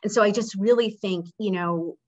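With a mid-range, darkish voice at a moderate pace, this woman is an executive being interviewed by video call. She talks earnestly in a loose, storytelling style, stumbling through plenty of fillers and restarts.

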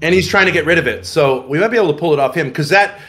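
A middle-aged man, a guest in casual livestream chat, rambling and halting with many restarts. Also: fairly high pitch, a bit bright.

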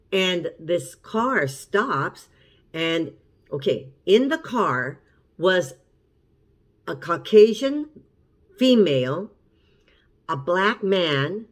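Middle-aged woman telling a story. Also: lowish voice. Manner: chatty, repeats and restarts while recounting events. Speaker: cooking channel host. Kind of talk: casual storytelling to camera.

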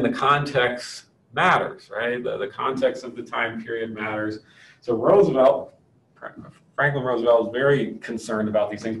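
A man teaching a history lecture in a conversational way, often checking in with "right?". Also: medium pitch. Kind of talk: classroom lecture. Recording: distant echoey room with faint ambience.

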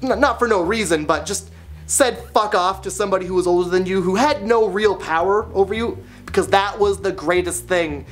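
A young man telling comic confessional stories in a deadpan, self-mocking way, as a vlogger. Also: high voice, a little fast, a little hiss or hum. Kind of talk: comedic confessional monologue.

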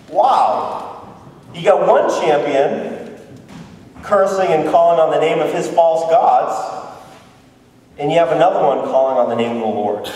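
A man's voice: fairly high pitch, a little mellow. A man preaching as a missionary, retelling a Bible story in a playful way and asking his audience questions. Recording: very echoey hall, voice from far off.

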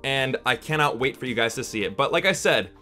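A man's voice: medium pitch, expressive, brisk, bright, forceful tone, soft background music. A man hosting a casual movie review vlog. He talks to his viewers as "you guys" in a chatty, upbeat way and swears casually.

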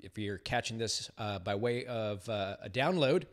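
A man's voice: lowish voice, normal speed. A man co-hosting a live-stream podcast, giving beard styling advice in a laid-back, slangy way with many filler words. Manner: laid-back, slangy, many 'uh's, laughs at own slips.

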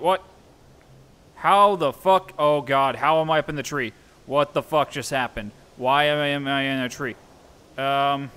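A man's voice: on the high side, a bit bright. A young man giving let's-play commentary on a horror game, jumpy and self-mocking, swearing often. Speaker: gameplay streamer.

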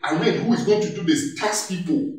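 A man giving an animated workshop talk, laughing and acting out office dialogue as he goes. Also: high voice, fairly quick. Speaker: workshop speaker. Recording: echoey hall, mic far off.

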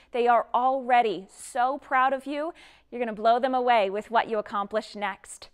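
High, smooth-voiced female meteorologist. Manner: bright, scripted, punning delivery. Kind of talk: scripted video message.

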